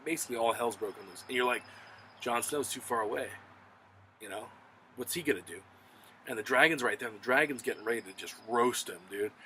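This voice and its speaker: A man casually reviewing a TV episode, retelling the plot in an excited, profane, rambling way. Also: mid-range voice, slight background noise, poor audio. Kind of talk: casual spoken recap and review.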